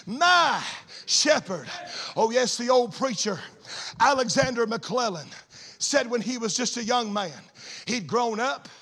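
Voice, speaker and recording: A man preaching a sermon, telling a story and building into fervent shouts. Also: extremely high pitch.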